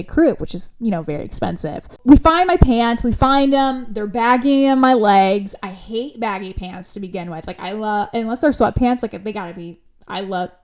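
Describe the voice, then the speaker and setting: A young woman hosting a podcast, telling a personal story in a chatty, animated way with lots of asides. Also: fairly high pitch. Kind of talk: casual storytelling.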